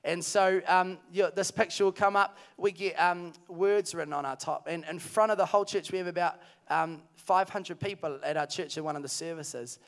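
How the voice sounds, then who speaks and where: A man's voice: sits high, fairly even intonation, normal speed. A man preaching at a youth camp, telling a story earnestly and then calling energetically to the crowd. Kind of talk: sermon. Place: large hall at a camp.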